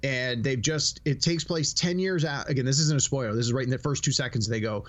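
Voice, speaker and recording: A man's voice: mid-range voice, brisk. A middle-aged man hosting a casual podcast chat, telling stories with acted-out quotes and laughing as he talks. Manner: animated storyteller, acts out quotes, laughs while talking. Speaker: podcast host.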